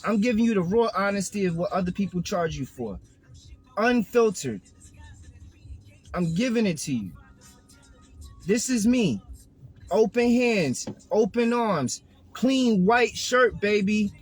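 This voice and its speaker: A man's voice: sits high, animated, a little slow, pauses often, a little mellow, breathy edge, faint music behind, low-quality recording. A man with a Brooklyn New York accent delivering a profane, streetwise motivational rant from inside his car. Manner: profane, streetwise, hyped-up preaching. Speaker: vlogger.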